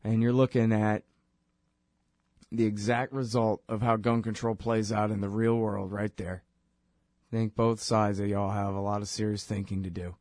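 A man's voice: lowish voice, level tone, normal speed, darkish tone, no echo, studio quality. A man hosting a political commentary show, talking in a sarcastic, impassioned way. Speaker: show host.

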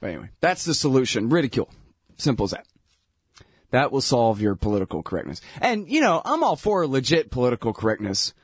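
A man's voice: big pitch swings, a little fast, husky, no room sound, studio quality. A man ranting in a casual, sarcastic way, laughing between points and mocking others in whiny voices. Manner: mocking, breaks into whiny falsetto impressions.

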